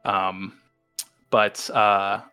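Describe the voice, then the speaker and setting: A man playing his character in a tabletop game, rambling and halting with many fillers. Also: lowish voice, level tone, bright, forceful tone, clean tone, no echo, faint music behind. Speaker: player. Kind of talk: in-character tabletop role-play.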